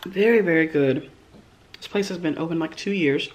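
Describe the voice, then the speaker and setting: A woman's voice: low-pitched, normal speed, a little hiss or hum. A woman hosting a mukbang eating vlog, murmuring "mmm" between bites and gushing over the food in a shy, casual way. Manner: self-described shy. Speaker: mukbang host.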